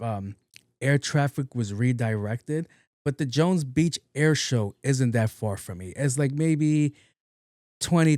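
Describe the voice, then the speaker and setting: Rambling, profane New podcast host. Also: male voice, medium pitch, a little mellow, dry recording, clean studio sound. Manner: rambling, profane, repeats words playfully. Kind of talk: casual solo podcast monologue.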